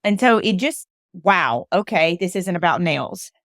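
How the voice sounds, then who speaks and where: A woman from Alabama speaks as a motivational storyteller in a somewhat low voice. She presses her points by repeating short phrases. The sound is dry and close. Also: lively intonation, a little slow, no room sound. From Alabama, USA. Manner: emphatic, repeats phrases for emphasis. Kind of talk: personal storytelling monologue.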